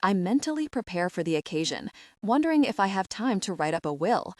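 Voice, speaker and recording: A woman narrating a first-person romance audiobook in a wry, expressive way. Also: medium pitch, fairly quick, dry recording, clean studio sound.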